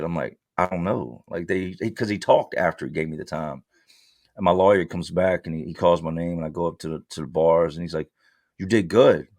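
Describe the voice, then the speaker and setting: A man's voice: deep voice, dry recording, clean studio sound. A man being interviewed, telling his story bluntly in street slang and acting out his past exchanges. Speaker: interview guest. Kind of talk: candid storytelling.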